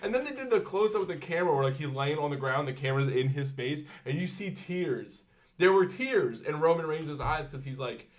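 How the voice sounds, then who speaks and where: A man co-hosting a casual podcast, talking excitedly, acting out quotes and laughing often. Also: on the high side, a little fast. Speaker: podcast co-host. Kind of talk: casual chat.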